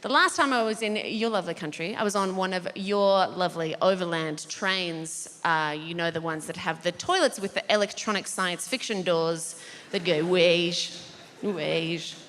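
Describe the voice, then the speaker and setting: A woman's voice: lowish voice, normal speed, fairly bright tone. A woman doing stand-up comedy on a large theatre stage, telling a story in a wry, self-deprecating way. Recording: reverberant theatre with noise.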